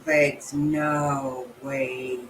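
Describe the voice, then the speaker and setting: A woman's voice: a bass voice, flat delivery, very slow, slight background noise, poor audio. A woman reacting in casual chat, blunt and outraged, swearing freely. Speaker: channel host reacting to a livestream guest.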